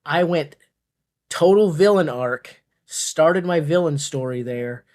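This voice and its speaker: A man's voice: fairly high pitch, slow pace, darkish tone. A man hosting a casual watch-along of a strongman contest, talking in a playful, jokey way with rambling asides. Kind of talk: casual live commentary.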